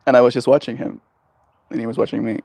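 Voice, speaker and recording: A man streaming live from a porch, chatting with his viewers in a gentle, rambling way full of fillers. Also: mid-range voice, level tone, fast talker, creaky, no echo, studio quality. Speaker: livestreamer. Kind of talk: casual chat with viewers. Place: outdoors on a porch.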